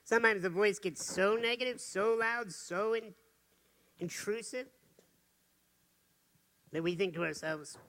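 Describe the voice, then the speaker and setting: A man giving an earnest motivational talk, dropping to soft, intimate tones for serious points. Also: high-pitched, measured pace, long pauses, a little hiss or hum. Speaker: motivational speaker.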